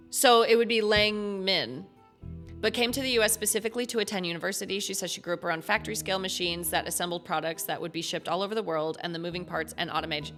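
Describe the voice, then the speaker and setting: Woman streamer, excitable, swears freely, reads game text aloud, middle-pitched voice, soft game music behind. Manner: excitable, swears freely, talks to chat and her cats. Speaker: gaming streamer. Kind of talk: casual live game playthrough, reading game text aloud.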